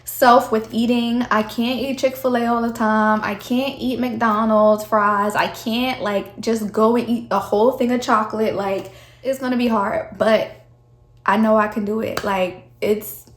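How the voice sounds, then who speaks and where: A woman's voice: on the high side, steady tone, measured pace. A young woman, talking candidly to camera in a casual vlog, her voice a little shaky from the cold. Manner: chatty, candid, addresses viewers as y'all. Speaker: vlogger. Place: chilly room at home. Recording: echoey room.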